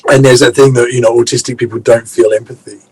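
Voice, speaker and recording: A man co-hosting a podcast, speaking in a measured, supportive way in casual chat. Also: medium pitch, little pitch movement, darkish tone, breathy edge, poor audio. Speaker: podcast co-host.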